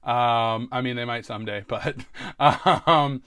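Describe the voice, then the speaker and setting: A man's voice: mid-range voice, takes it slowly, fairly bright tone, smooth, no room sound. Rambling, self-mocking man, dry close sound. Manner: self-deprecating, laughs often, trails off and restarts. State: stressed. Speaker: podcast host. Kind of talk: casual rambling monologue.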